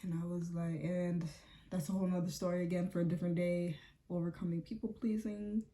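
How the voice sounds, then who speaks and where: Young woman vlogging a storytime while getting ready, lowish voice, loads of likes and ums. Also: level tone, brisk, warm tone. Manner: chatty, fillers like "like" and "um", acts out quotes. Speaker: beauty vlogger.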